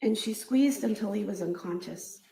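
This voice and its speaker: A woman prosecutor delivers a closing argument, her voice carrying a gravelly edge. She speaks in a measured, emphatic way and hammers her points home with repeated phrases. The courtroom audio is echoey. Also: mid-range voice, dark tone.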